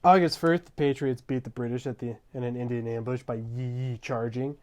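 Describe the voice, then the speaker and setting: Young male narrator, mid pitch, jokey slang-filled history recap with deadpan asides. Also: normal speed. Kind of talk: comedic history narration over gameplay.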